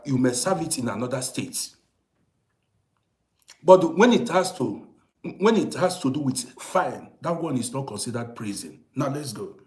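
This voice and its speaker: A middle-aged man tells a story straight to his listeners in a lively, animated way. His voice has a fairly lively melody, dropping to quiet asides and then rising to loud, emphatic points. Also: mid-range voice. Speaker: storyteller host. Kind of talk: casual storytelling monologue. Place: living abroad in Germany.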